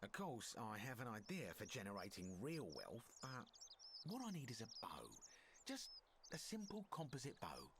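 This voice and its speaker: An actor playing a shrewd, wry male merchant in an ancient Roman city, speaking in video game dialogue with a smooth, bargaining manner. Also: medium pitch, huge pitch swings, moderate pace, noisy background.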